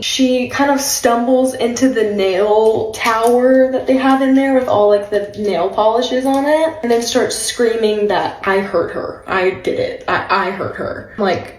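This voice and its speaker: A woman's voice: on the high side, roomy sound, rough recording. A young woman telling a personal story in a casual vlog, chatty and laughing often, with lots of filler words.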